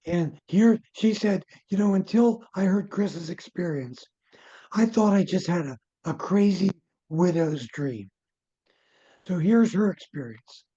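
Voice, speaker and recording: An older man, a former physician, recounts case stories as an interview guest. His voice is mellow and a bit husky. He gets animated and then drops into soft, low asides. The audio is muffled and lo-fi. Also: unhurried. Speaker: near-death researcher and former physician.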